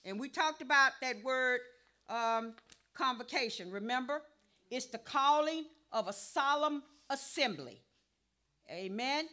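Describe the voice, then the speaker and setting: Bright high-voiced woman preaching. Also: animated, unhurried. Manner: call-and-response preaching, builds to shouting. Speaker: pastor. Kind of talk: sermon.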